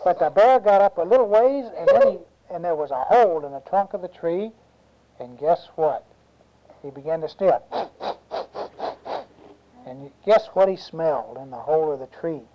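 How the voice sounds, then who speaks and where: An adult telling a children's story aloud, animated, with sound effects and questions to the listening kids. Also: mid-range voice, moderate pace, pauses often. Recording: dull lo-fi home recording.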